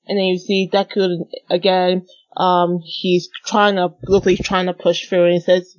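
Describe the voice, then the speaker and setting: A woman's voice: lowish voice, little pitch movement, moderate pace, hardly any pauses. Woman guest retelling a comic, lo-fi. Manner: narrates scenes step by step, voicing characters' lines. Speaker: podcast guest. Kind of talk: casual chat retelling a manga chapter. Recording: dull lo-fi podcast audio.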